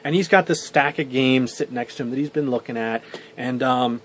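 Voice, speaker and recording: Casting: a young man vlogger, chatty and rambling, swearing freely, average pitch, faint noise under the voice. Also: a little fast, fairly bright tone. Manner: rambling with many restarts and swearing. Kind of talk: casual storytelling vlog.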